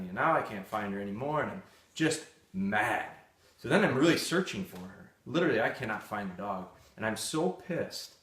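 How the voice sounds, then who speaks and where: A man's voice: medium pitch, fairly bright tone. A man hosting a live dog-training session, answering viewer questions in a candid, blunt, storytelling way. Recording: echoey room.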